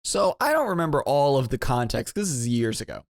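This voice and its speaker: A man co-hosting a podcast, telling a long story in a rambling, animated way and jumping into high voices when quoting people. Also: brisk, dry recording, clean studio sound. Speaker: podcast co-host. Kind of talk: casual storytelling.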